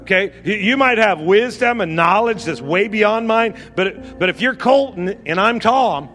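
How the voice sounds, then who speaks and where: A man's voice: high-pitched, expressive, a little slow, a bit bright. A man in his fifties preaching a sermon, urging the congregation on with fervent, repetitive exhortations and direct asides to listeners, over faint music. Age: 50s. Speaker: pastor. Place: church sanctuary.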